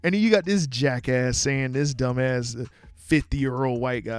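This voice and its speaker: A man's voice: mid-range voice, moderate pace, clean tone, dry recording. A young man hosting a solo podcast, ranting in a profane, exasperated, emphatic way. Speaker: podcast host.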